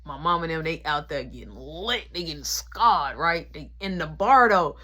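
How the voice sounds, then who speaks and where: Woman storyteller, casual, animated, voice rising and dipping a lot. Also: deep voice, normal speed. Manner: animated, lots of reported speech.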